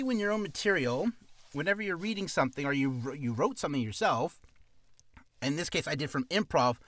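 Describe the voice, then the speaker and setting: Young man, voice actor, casual tutorial chat, self-deprecating, bright tone, dry sound. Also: on the high side, no echo. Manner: rambling, self-deprecating, animated. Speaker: voice actor vlogger.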